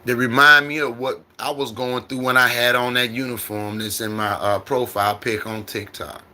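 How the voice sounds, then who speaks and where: A man's voice: medium pitch, flat delivery, normal speed, sharp tone. A middle-aged man who drives trucks, talking on his livestream in a repetitive, preacherly storytelling way into a phone. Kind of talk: casual livestream monologue.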